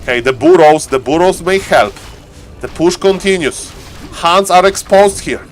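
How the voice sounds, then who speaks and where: A man giving live game commentary as the caster, excitable and laughing often, repeating set phrases. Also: high-pitched, unhurried. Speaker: esports caster.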